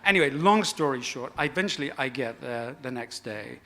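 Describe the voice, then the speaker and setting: A man's voice: mid-range voice, animated, fairly quick, a bit bright, a little hiss or hum. Man telling a self-mocking stage anecdote. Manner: self-deprecating, conversational, swears freely. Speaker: guest speaker at a live storytelling event.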